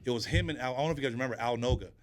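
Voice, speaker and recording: A man guesting on a podcast, chatting casually and telling animated stories, acting out other people's lines. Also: mid-range voice, rapid-fire. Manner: animated storyteller who acts out quoted voices. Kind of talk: casual interview chat.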